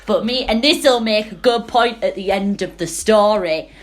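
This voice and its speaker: A woman's voice: mid-range voice, a little slow. A young woman with a broad Yorkshire accent, telling a story on a casual podcast, swearing often and laughing as she goes. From Selby, Yorkshire, England. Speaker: podcast co-host.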